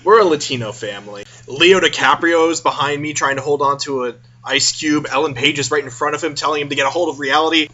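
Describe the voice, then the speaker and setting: A man's voice: on the high side, a bit bright, lo-fi sound. A man casually telling a comic story to camera in a home video, chatty, with self-aware asides. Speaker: vlogger.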